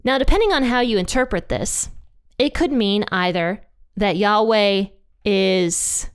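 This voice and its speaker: Smooth-voiced woman chatting through scripture. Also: mid-range voice. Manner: chatty, conversational retelling with playful quoted voices. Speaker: Bible teacher. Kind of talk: casual Bible teaching.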